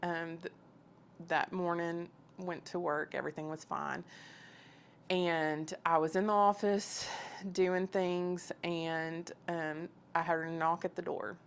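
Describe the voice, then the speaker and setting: A woman's voice: fairly low pitch, little pitch movement, takes it slowly, slight background noise. A woman telling her personal faith story in an earnest, emotional, conversational way. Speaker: guest sharing her testimony.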